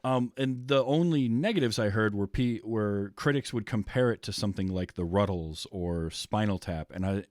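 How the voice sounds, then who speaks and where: A man's voice: fairly low pitch, moderate pace, hardly any pauses, a little mellow, no room sound, clean studio sound. A man hosting a podcast, talking casually about a film with lots of fillers and restarts. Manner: chatty, many fillers and restarts. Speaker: podcast host.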